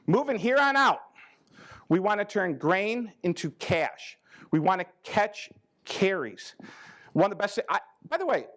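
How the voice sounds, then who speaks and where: Male speaker with a high pitch, folksy and teasing, for a live farm-conference talk to a crowd. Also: very animated, measured pace, fairly bright tone. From American Midwest. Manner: folksy, teasing, acts out quoted farmers with big pitch jumps. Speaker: ag risk management advisor giving a talk. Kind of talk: joking conference talk to farmers. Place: conference learning center room with a live audience.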